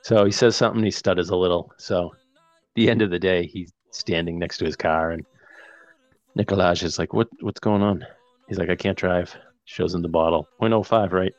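A man's voice: deep voice, a little fast, no room sound, highs cut off. A man co-hosting a podcast, casually recapping a film scene by scene and acting out the characters' lines as he goes. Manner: animated retelling with quoted dialogue. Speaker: podcast co-host.

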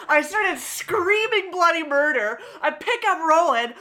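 A mother on a podcast telling a story in casual chat. She is animated, swears a lot and acts out the lines of the people in it. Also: very high-pitched, unhurried, few pauses.

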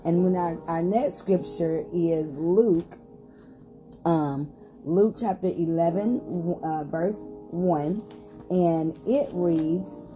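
A woman's voice: lowish voice, slow pace, warm tone, soft background music. A woman pastor hosting a short podcast Bible study, reading scripture aloud with rising emphasis and some hesitant fillers.

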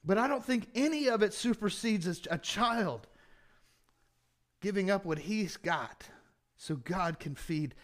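A man preaching a sermon in an unusually high voice for a man. He talks to the congregation in a casual, conversational way, tossing out rhetorical questions and self-mocking jokes. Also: fairly bright tone. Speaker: pastor.

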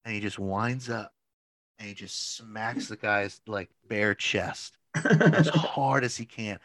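Speaking slowly in a fairly bright, lowish voice, a man co-hosting a relaxed podcast rambles through a lengthy story, often laughing and saying "like." No room sound is audible.

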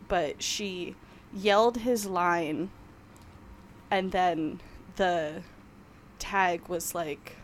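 A woman's voice: fairly low pitch, extremely slow, pauses often, a little hiss or hum. A woman from New York, co-hosting a podcast in casual chat, rambling and laughing often. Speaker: podcast co-host.

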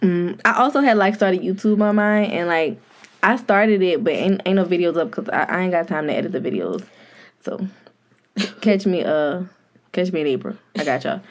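A woman's voice: on the low side, expressive, normal speed. A young woman co-hosting a podcast, chatting casually with candid, slangy, laughing banter. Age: young adult. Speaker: podcast co-host. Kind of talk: casual chat.

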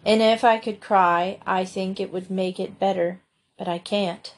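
A woman's voice: medium pitch, fairly even intonation, a little slow. A woman voicing a blunt girl storyteller who speaks drearily and bitterly. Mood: dreary.

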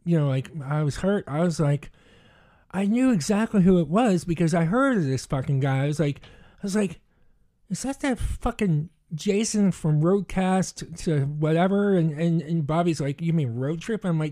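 A man's voice: fairly high pitch, expressive, moderate pace, dark tone. A man with a speech impediment co-hosting a podcast, telling a story in profane, joking casual chat and acting out the quoted lines. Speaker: podcast co-host.

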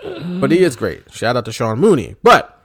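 A man's voice: mid-range voice, normal speed. A man co-hosting a podcast, chatting casually with laughs and joking asides. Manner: laughing, animated, mock-shouting bits. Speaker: podcast co-host. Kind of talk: casual chat.

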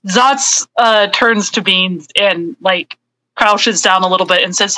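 A woman's voice: medium pitch, slow, bright, forceful tone, dry recording, low-quality recording. A woman playing in an online tabletop game, narrating her character and making dry joking asides. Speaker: tabletop role-play player. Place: online voice call.

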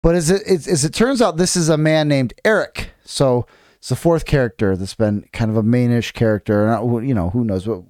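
A man's voice: medium pitch, fairly quick, darkish tone, no room sound, studio quality. A man co-hosting a podcast, casually recapping a novel with lots of restarts and fillers while reading passages aloud. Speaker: podcast co-host. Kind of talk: casual chat recapping a book.

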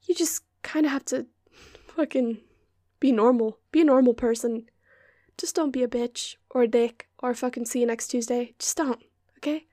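A young woman hosts a casual podcast from a hot bedroom, sitting close to her microphone as she rants with sarcasm and profanity, sometimes dropping to a whisper. Her voice is on the high side and warm, at a moderate pace, with no room sound.

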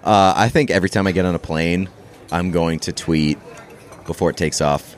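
A man's voice: low-pitched, normal speed. A man co-hosting a podcast in casual chat, laid-back, with dry jokes. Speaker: podcast co-host.

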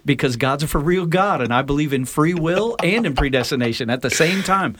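A man's voice: fairly high pitch, animated, a little fast, a bit bright. A man on a faith podcast, speaking in a playful, emphatic way. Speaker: podcast guest. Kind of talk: casual faith podcast chat.

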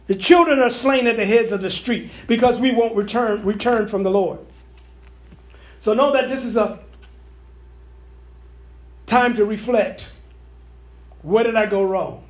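A man, a pastor, preaching a prophetic sermon to online viewers, repeating and restarting phrases as he goes. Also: very high voice. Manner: preachy, repetitive, stammering restarts.

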